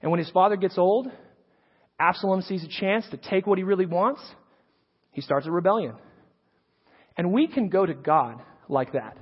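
Through long hall echo on a dull, low-fidelity recording, a thirtysomething preacher and high school teacher speaks in a high, husky voice. His sermon is sincere and anecdotal, delivered conversationally with frequent word repetitions as he starts over.

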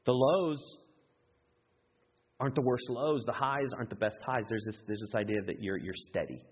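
A man preaching a sermon in an animated way, jumping up in pitch when he acts out excited voices. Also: moderate pace, slight background noise. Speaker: pastor. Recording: echoey hall, dull lo-fi sound.

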